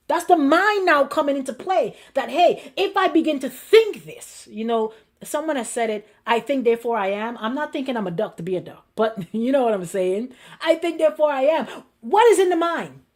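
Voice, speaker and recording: A woman pastor preaching a sermon in a lively, conversational way, acting out inner voices and laughing along. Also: high voice, normal speed.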